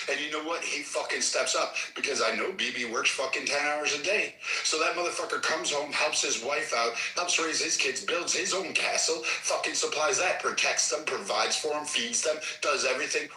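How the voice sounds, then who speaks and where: A man's voice: mid-range voice, sharp tone, reverberant, recorded from a distance, low-quality recording. A man hosting a heated political argument, ranting aggressively and swearing constantly. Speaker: host. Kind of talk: heated political argument on a live audio app.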